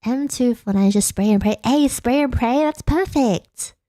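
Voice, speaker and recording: A woman's voice: on the high side, unhurried, dark tone, no room sound, studio quality. An Australian woman streamer chatting casually late at night, giggling often and rambling in a self-deprecating way.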